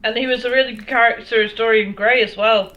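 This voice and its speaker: A woman's voice: fairly high pitch, fairly even intonation, fast talker, muffled recording, a little hiss or hum. A woman from Northern England co-hosting a casual online horror chat show, chatty and full of "um" fillers. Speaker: podcast co-host.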